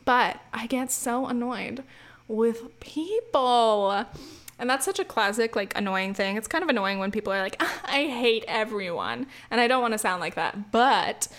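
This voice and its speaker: A young woman talks straight to her audience in a loose, chatty rant, tripping over restarts, dropping fillers and swearing freely. Her voice sits a little high. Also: brisk, few pauses, a bit bright. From United States. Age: young adult. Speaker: student vlogger. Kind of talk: casual rant to camera.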